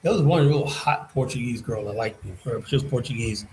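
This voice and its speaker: A man streaming a casual monologue, telling a story in a rambling, profane way that swings from muttering to loud emphasis. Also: mid-range voice, fairly quick, slight background noise, poor audio. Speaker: streamer and commentator.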